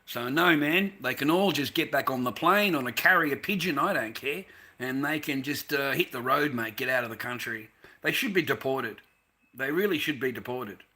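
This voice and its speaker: A man's voice: medium pitch, animated, moderate pace, bright, forceful tone. An Australian man delivering a heated, profane ranting monologue, repeating himself and tossing in "mate" between sentences.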